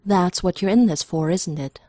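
A woman voicing a steady, sensible man with a relaxed, almost fatherly way of talking, in a story reading. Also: fairly low pitch, normal speed, no echo, clean studio sound, natural voice. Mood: firm.

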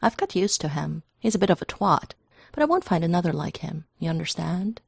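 A relaxed, sensible, almost paternal man, voiced by a woman narrator. He is calm and firm, with a husky, gravelly voice recorded close and dry. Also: on the low side, brisk, no echo, heavily acted.

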